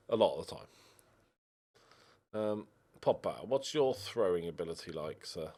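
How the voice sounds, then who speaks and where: A man's voice: low-pitched, slow. A young man giving casual commentary while playing a football management game, talking to his players on screen. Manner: animated, talks to the players on screen, yelps in frustration. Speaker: gaming YouTuber. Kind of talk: casual let's-play commentary.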